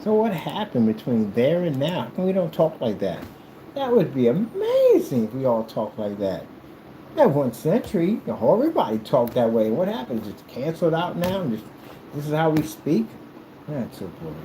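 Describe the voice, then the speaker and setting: A man from the United States ranting to camera in a casual monologue, theatrical and animated, slipping into mock old-fashioned formal speech. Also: on the high side, moderate pace, a little hiss or hum, low-quality recording. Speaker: video creator.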